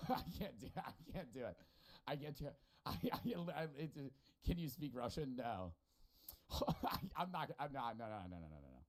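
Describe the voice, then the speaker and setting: A streamer with a general American accent reacts to videos in casual, profanity-laced commentary, speaking at a moderate pace with a medium-pitched voice that swings widely. He rambles, swears, and drops laughing asides.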